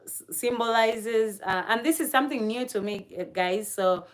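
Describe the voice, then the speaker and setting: A woman hosting a casual livestream chat, talking straight to her viewers, laughing often and filling pauses with "uh" and "um". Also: a little high. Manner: chatty, laughs often, many fillers; talks to chat viewers directly. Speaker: livestream host.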